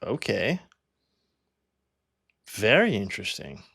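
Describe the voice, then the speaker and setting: A man's voice: lowish voice, wildly swooping pitch, slow, gravelly, fairly bright tone, husky. A young man from Canada, a real estate agent, chatting casually as he walks through home listings and thinks aloud with plenty of fillers.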